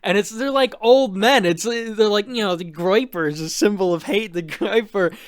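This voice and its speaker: A man's voice: sits high, moderate pace, no room sound, studio quality. A man co-hosting a podcast, talking in a rambling, scornful, profane way. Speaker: podcast co-host. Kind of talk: casual political podcast chat.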